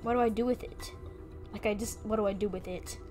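A woman's voice: mid-range voice, steady tone, a little fast, warm tone, soft background music. A young woman giving playful, chatty commentary while streaming a video game, often exclaiming and talking to the creatures on screen.

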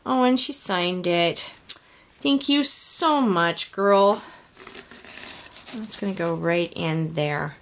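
A woman opening a craft gift box on her home unboxing vlog, gushing and softly exclaiming as she films in her craft room on a camera on a tripod. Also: fairly low pitch, slow, pauses often, slight background noise.

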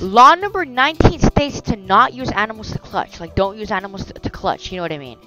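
A woman narrates her game with big swoops in pitch and a bright, sharp tone. She is excitable and yelps at every mishap, and soft music plays faintly behind her. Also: poor audio. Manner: excitable, yelps and cries of no at danger. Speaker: gaming video host. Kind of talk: casual Minecraft gameplay commentary.

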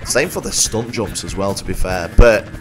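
A man with a Yorkshire accent chats loosely through a game livestream, swearing freely and talking to his viewers. His voice is low but very lively in pitch, with game music playing behind. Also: moderate pace. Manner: rambling, swears freely, talks to chat. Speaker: game streamer. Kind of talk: casual live-stream commentary.

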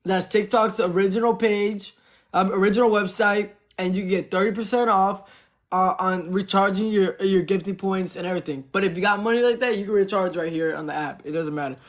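A young man hosting a casual livestream, thanking viewers and urging them to send gifts. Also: high voice. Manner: fast promotional shout-outs to viewers.

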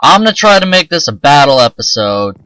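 A man's voice: a little high, very animated, a little fast, bright, forceful tone, dry recording, low-quality recording. A man casually commenting on his own gameplay, rambling and self-mocking and swearing often. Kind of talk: casual let's-play commentary.

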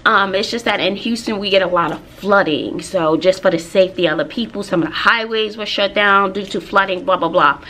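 A woman's voice: medium pitch, fairly quick, few pauses. A woman, chatting casually in a vlog. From Texas, USA. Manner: chatty, animated storytelling with asides. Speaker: vlogger and teacher.

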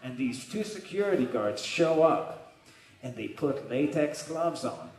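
A man in a band telling a profane, animated story from the stage between songs at a live concert. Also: medium pitch, a little slow. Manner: profane, animated anecdote with acted-out quotes. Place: live music venue stage. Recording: echoey live room sound.

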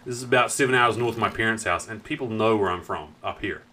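Bright-voiced southern New Zealand man streaming. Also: lowish voice, quick pace. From South Island, New Zealand. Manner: rambling, chatty, greets viewers mid-story, swears casually. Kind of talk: casual live-stream chat while gaming.

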